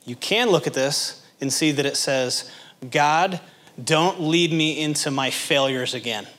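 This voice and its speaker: A pastor delivers a sermon to his congregation in a slightly high, unhurried voice. He's animated, putting direct questions to the listeners and acting out little scenes in character voices.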